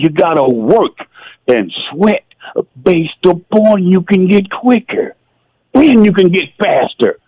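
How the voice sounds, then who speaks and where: Tearful ex-player guest, high and lively, slow-spoken, dull lo-fi line. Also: male voice, no echo. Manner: emotional, tearful, exclamatory with "geez". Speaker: former football player, guest. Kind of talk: emotional radio interview storytelling.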